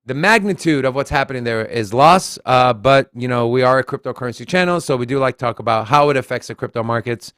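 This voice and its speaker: A man co-hosting a casual crypto news show, blunt and animated, reading and commenting on articles. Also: mid-range voice, fast talker, hardly any pauses, clean tone, no room sound, clean studio sound. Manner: blunt, animated, reads quotes aloud.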